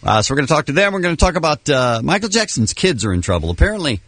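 A man's voice: a little high, sing-song, racing, a bit bright, no echo. Sarcastic man hosting morning radio. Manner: dry, sarcastic joking. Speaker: radio show host. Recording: dry close studio mic.

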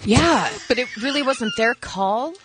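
Radio lady cohost, lively up-and-down voice, teasing, faint music behind. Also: fairly high pitch. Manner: quick reactions, teasing. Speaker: radio co-host. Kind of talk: radio show banter.

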